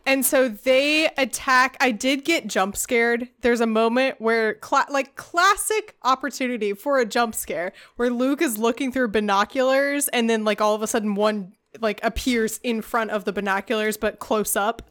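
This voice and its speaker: Woman podcast host, slightly high voice, animated retelling, crackly static in the audio. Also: moderate pace, few pauses. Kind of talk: casual chat.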